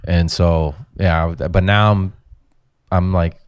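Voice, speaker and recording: A man's voice: deep voice, steady tone, slow, clear, resonant tone, no echo, studio quality. A comedian in his forties chatting casually on a podcast, telling profane stories and breaking into mocking voices of people he quotes. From Mexican-American. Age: 40s. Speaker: comedian guest.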